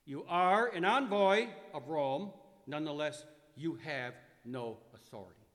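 A man voicing a calm prisoner who answers a governor in firm, measured words. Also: a little high, in a large hall, voice pushed up. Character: calm prisoner, male, adult, firm and unbowed.

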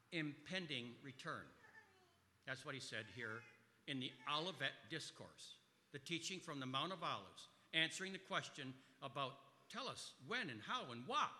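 Bright-voiced preacher in a reverberant hall. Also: male voice, a little high. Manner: emphatic, swings between loud stresses and quiet asides. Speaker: pastor. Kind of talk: sermon.

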